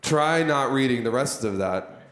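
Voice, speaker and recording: In an unhurried, animated mid-range voice with a slight brightness, he leads a live workshop about content creation. He talks conversationally and poses questions to the audience, and the room has noticeable echo.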